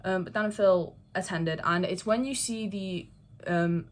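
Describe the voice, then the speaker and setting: In a loose, rambling chat to camera, a young woman who creates fandom videos fills her talk with fillers and swearing. Her pitch is medium and her pace unhurried.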